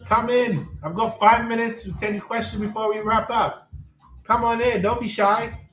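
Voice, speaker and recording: A man's voice: sits high, fairly even intonation, normal speed, a bit bright, roomy sound, soft background music, rough recording. A man hosting a live stream as a life coach. He talks in a preachy way, repeats catchphrases and invites viewers to come in with questions.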